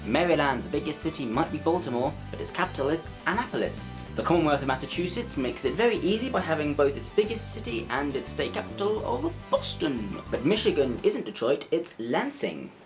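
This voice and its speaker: Brief: male video host, lively swooping delivery, playful and self-mocking, faint music underneath. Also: fairly high pitch, a little fast, few pauses. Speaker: video creator. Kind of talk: scripted educational narration.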